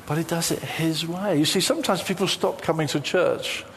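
A man's voice: on the high side, normal speed, creaky, a bit bright, slight background noise. A man preaching a sermon, telling a personal story full of quoted dialogue. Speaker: pastor.

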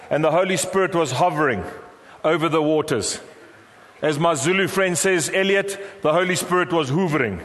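A middle-aged man with a South African accent preaches from the pulpit, calling on the congregation to say lines back to him. His voice sits high for a man, and it rings out with a long reverb through a large church hall. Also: fairly bright tone. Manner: preaching with call-and-response prompts to the congregation. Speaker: pastor. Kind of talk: sermon.

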